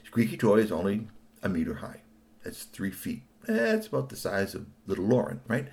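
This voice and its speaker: A middle-aged man narrating a children's story in an animated way, talking to young listeners. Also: lowish voice, moderate pace, vocal fry.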